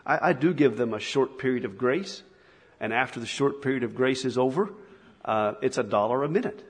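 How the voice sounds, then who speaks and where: A man's voice: medium pitch, animated, brisk. A middle-aged man preaching a sermon to fathers in an earnest, conversational way, often restarting his sentences. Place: church hall. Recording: husky voice in a long-reverb hall.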